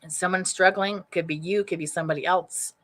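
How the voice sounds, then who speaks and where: A woman's voice: fairly low pitch, steady tone, fairly quick, a bit bright. A woman doing a live-streamed psychic reading, casual and rambling, restarting sentences as she thinks aloud. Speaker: psychic medium. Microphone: webcam or computer mic.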